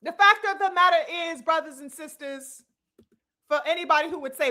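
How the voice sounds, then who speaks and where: A woman's voice: sits high, expressive, normal speed, pushed and bright. A woman giving impassioned live commentary, preachy and emphatic, swearing freely and addressing her listeners as brothers and sisters. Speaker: commentary host.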